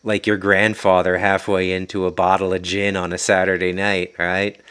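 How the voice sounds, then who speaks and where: Rambling Ottawa Valley Canadian man, bright-toned. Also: low-pitched, monotone, moderate pace, clean tone. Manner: rambling, self-interrupting, prone to tangents. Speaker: podcast host. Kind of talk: rambling casual livestream talk. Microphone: podcast mic.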